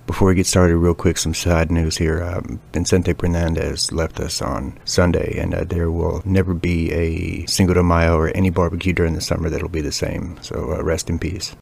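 Very deep-voiced man ranting crudely. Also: little pitch movement, normal speed, vocal fry, hardly any pauses, darkish tone, slight background noise. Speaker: podcast host. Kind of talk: comedy podcast rant.

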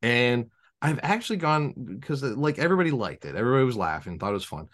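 Animated man telling rambling stories. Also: mid-range voice, quick pace. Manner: animated storyteller who acts out quoted voices; rambling with frequent restarts. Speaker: podcast co-host and game master. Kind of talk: casual podcast chat.

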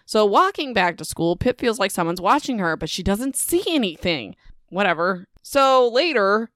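A woman's voice: medium pitch, big pitch swings, moderate pace, a bit bright, no echo, studio quality. A young woman casually recapping a novel on her podcast, chatty and sarcastic, saying "like" and "whatever" constantly. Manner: chatty, heavy use of "like" and "whatever", sarcastic asides.

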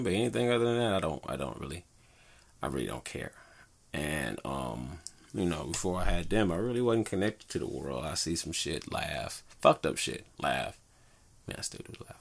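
A man's voice: sits low, vocal fry. A man talking in a rambling, laid-back and profane way in a casual solo monologue, speaking as a father into a good microphone.

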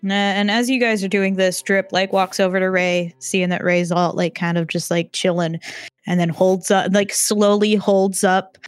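A woman's voice: mid-range voice, level tone, moderate pace, clear, resonant tone, no echo, faint music behind. A woman narrating as game master in a casual, filler-heavy, giggly way.

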